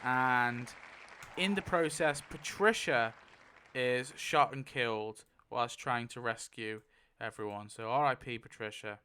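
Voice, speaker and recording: A man hosting a casual online chat, excitable, laughing often and swearing freely. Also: mid-range voice, a little slow, clear, resonant tone. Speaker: YouTube host.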